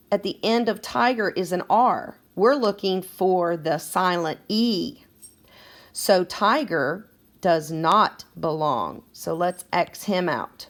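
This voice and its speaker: A woman teaching a second grade phonics lesson, patient and encouraging as she sounds out words for children. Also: on the low side.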